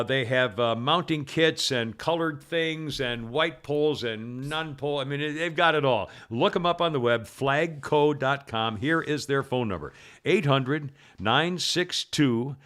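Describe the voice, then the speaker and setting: A man's voice: mid-range voice, measured pace, a bit bright. A man hosting a talk radio show, rambling and sarcastic, often mocking people in put-on quotes. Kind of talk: casual talk radio chat.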